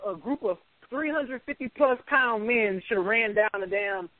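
A man co-hosting a sports podcast, telling the story in an excited, animated way. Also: high voice, normal speed, no room sound. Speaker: podcast co-host. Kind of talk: casual sports chat. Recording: tinny phone-like sound.

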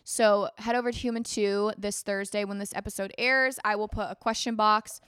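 A woman's voice: mid-range voice, steady tone, normal speed, fairly bright tone, smooth, no room sound, studio quality. A woman hosting a podcast, talking earnestly in a rambling personal monologue, full of "like" and restarts. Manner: earnest, rambling, heavy use of "like". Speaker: podcast host.

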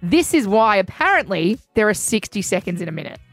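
A woman's voice: medium pitch, big pitch swings, fairly quick, faint music behind. A woman co-hosting breakfast radio, playful and teasing, often giggling in casual banter. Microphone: studio microphone.

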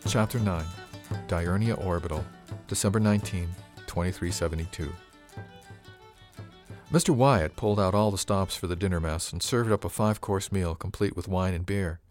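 Deep-voiced male audiobook narrator. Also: music in the background. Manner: measured, even storytelling. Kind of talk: first-person audiobook narration.

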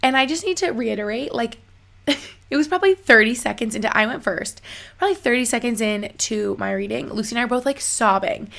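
A young woman hosting a podcast, talking in an excitable, rambling way full of "like.". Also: a little high, fairly quick, creaky. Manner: excitable, rambling, lots of likes. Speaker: podcast host. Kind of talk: casual chat.

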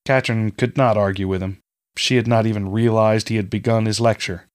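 A man reading a fantasy story aloud in a measured, steady storytelling manner. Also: on the low side. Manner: measured storytelling, reading all parts himself. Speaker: audiobook narrator. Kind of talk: scripted fantasy narration.

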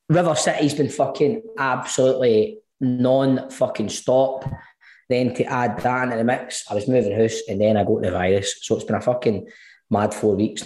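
A man's voice: medium pitch, warm tone. Brief: Scottish male co-host, sweary and rambling, roomy echo on the mic. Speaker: podcast co-host. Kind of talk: casual chat.

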